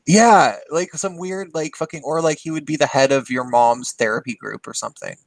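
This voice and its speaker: A man's voice: a little high, moderate pace, vocal fry, no room sound. A man in casual chat with a Californian Valley Girl accent, rambling and trailing his sentences up, full of "like". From Seattle. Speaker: podcast co-host.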